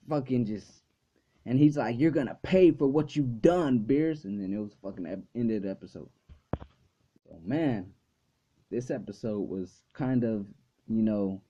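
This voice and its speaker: A man chats through a casual video review, loose and heavy on swearing and "like". His voice is mid-pitched with a very dark, thick timbre. The recording sounds dull and lo-fi. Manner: loose and profane, full of "like" fillers. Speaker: anime reviewer and channel host.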